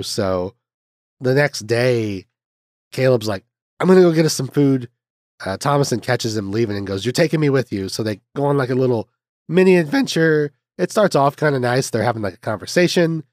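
A man hosting a podcast, giving a loose, profane recap of a film's plot. His pitch sits in an ordinary middle range, and he keeps breaking off to chuckle at his own asides. The recording is dry and close, with no room sound. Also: dry recording. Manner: rambling, profane, laughs at his own jokes. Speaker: podcast host recapping a film. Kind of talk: casual movie recap.

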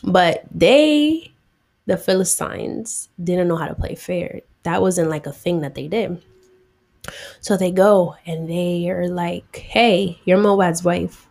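A woman's voice: on the low side, slow pace, gravelly, darkish tone. A young woman retelling a Bible story in a chatty, slangy way, acting out the characters' lines.

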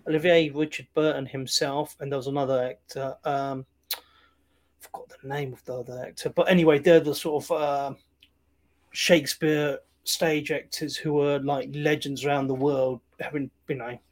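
A man's voice: on the high side, steady tone, moderate pace. A man co-hosting a casual film chat, rambling with lots of fillers. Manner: rambling, many fillers like "you know", laughs easily.

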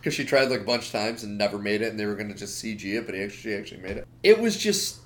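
A man co-hosting a podcast, ranting in an animated, opinionated way with lots of asides. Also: fairly low pitch, very fast. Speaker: podcast co-host. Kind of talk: casual chat.

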